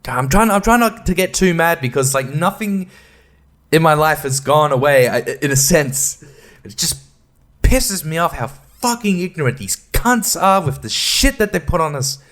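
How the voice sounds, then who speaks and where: A man's voice: a little high, animated, normal speed, fairly bright tone. A man hosting a podcast, ranting casually and profanely in an exasperated way. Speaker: podcast host.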